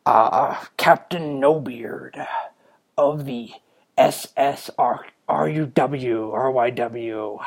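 A man doing a playful pirate captain voice, slow and half-whispered, on a podcast. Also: medium pitch, gravelly, full character voice. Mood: hammy.

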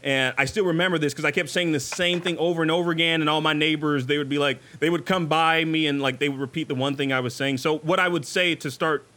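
A man hosting a casual live podcast from a studio, excitable and joking, often stumbling and restarting his sentences. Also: a little high. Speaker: podcast host. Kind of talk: casual live show chat.

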